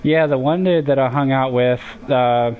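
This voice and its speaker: A man's voice: mid-range voice, normal speed, narrow, tinny audio. A man giving casual let's-play commentary, telling rambling stories in a laid-back way with plenty of swearing. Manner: rambling, laid-back storytelling with profanity and laughs. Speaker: game commentator.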